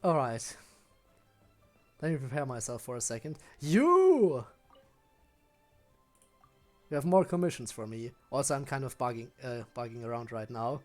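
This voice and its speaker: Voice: medium pitch, brisk, darkish tone, faint music behind. A game streamer chatting casually and self-consciously with viewers late at night, giggling often and sounding tired. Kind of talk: casual live-stream chat while gaming.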